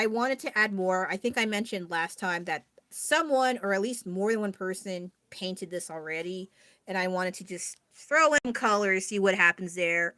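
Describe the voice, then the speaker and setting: A livestreaming artist chats casually from home about her art, rambling and poking fun at herself. Her voice is fairly low in pitch, pushed and bright. She's indoors, speaking into a phone.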